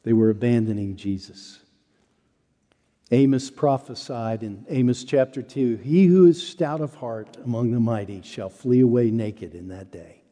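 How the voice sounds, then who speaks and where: A man preaching a sermon, telling a story with earnestness, rising high and loud on quoted denials and dropping low and soft on solemn points. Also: expressive, unhurried, in a large hall. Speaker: pastor.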